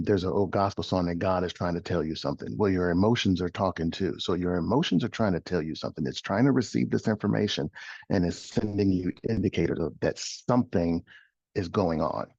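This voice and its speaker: A middle-aged man with a low, husky voice gives a motivational coaching talk. He is emphatic, repeats his phrases and asks rhetorical questions. The studio recording is dry and a little dull. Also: a little fast, a little mellow, no echo. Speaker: host and life coach.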